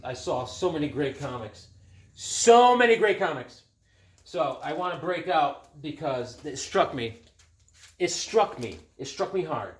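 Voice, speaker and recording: A middle-aged man chatting casually and excitedly at home as he shows off his flea market comic finds. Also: mid-range voice. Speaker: comic collector vlogger. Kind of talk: casual show-and-tell vlog.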